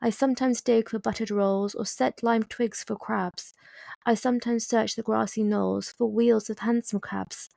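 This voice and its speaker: A woman voicing an odd, rambling old man in a storybook poem, pitched above her own voice. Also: fairly even intonation, normal speed, gravelly, warm tone, dry recording, clean studio sound.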